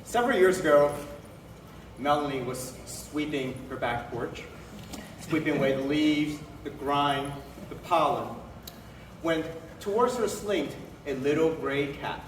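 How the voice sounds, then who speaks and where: A man's voice: on the high side, a little slow, a little hiss or hum. A man telling a story and giving a toast at a birthday celebration. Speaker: guest speaker. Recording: echoey hall from far off.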